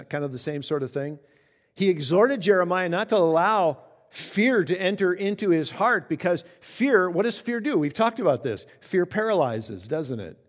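Pastor guy preaching, kinda high voice, big swings when he quotes people, long hall reverb. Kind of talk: sermon.

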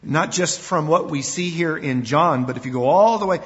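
An older man, a pastor, preaching a sermon in an animated way, acting out quoted voices and often repeating words. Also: fairly high pitch, moderate pace. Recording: dull sound with long hall reverb.

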